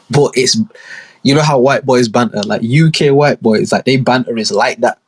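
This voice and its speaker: Husky-voiced young man telling stories. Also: medium pitch, normal speed. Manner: slangy, rambling, full of asides and acted-out quotes. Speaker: podcast host. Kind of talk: casual storytelling monologue.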